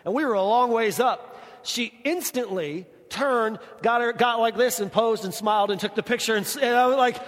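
A young male pastor with a fairly high voice, preaching in a relaxed, chatty way. He slows right down to lean on the words that matter. His voice rings out with a long reverb, as in a big church auditorium. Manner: conversational, slows down to stress key words. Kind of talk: sermon.

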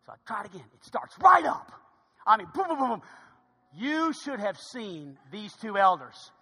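Man, pastor, bright tense voice, humorous sermon storytelling, echoing sanctuary. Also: sits high, sing-song, moderate pace, slightly rough. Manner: humorous, emphatic preaching. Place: church sanctuary. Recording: long reverb of a large hall.

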